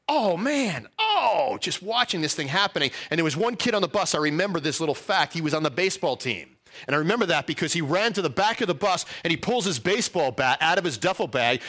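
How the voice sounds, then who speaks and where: A middle-aged man preaching a sermon, telling stories that build to loud, urgent peaks, then dropping to a quiet, low voice. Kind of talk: sermon storytelling.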